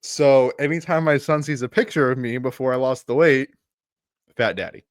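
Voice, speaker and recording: A man's voice: medium pitch, moderate pace, dry recording, clean studio sound. A man co-hosting a live podcast as a coach, telling stories in a chatty way and laughing at himself. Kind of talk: casual live podcast chat.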